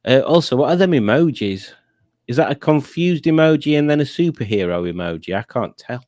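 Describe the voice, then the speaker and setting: Man, host, casual chat, laughs a lot, mid pitch. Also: expressive, brisk, a little mellow. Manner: chatty, laughs often, reads out comments. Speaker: podcast host.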